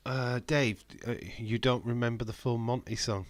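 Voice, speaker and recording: Reading chat aloud and bantering with his audience, a man runs a relaxed, jokey watch-along livestream. His mid-range voice has a fairly bright tone, captured in a dry recording.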